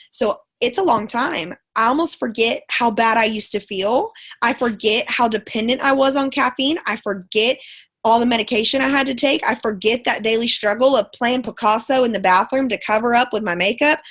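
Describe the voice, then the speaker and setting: A woman with a somewhat high voice gives a live motivational pep talk over an online call. She talks in a chatty, folksy way, calls her listeners girlfriend and y'all, and stacks repeated words for emphasis. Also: fairly bright tone. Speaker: wellness product sales ambassador and schoolteacher.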